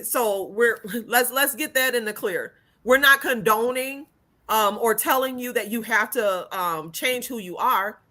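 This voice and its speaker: A woman's voice: medium pitch, bright, forceful tone. A woman speaking as the guest on a relationship chat show, upbeat and affirming, often chiming in to agree with the host. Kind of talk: casual chat.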